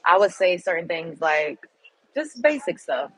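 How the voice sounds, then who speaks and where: A woman's voice: on the low side, very animated, moderate pace, breathy edge, low-quality recording. A woman hosting her own show, telling a personal story in a candid, emphatic and blunt way. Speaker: show host. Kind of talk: casual storytelling monologue.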